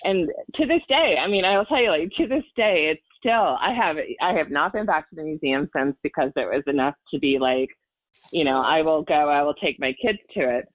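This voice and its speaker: A woman's voice: sits low, animated, a little fast, dry recording. A woman in her forties telling a personal story in a podcast chat, earnest and emotional, rambling with fillers and restarts. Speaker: podcast guest. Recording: tinny phone-like line, dry.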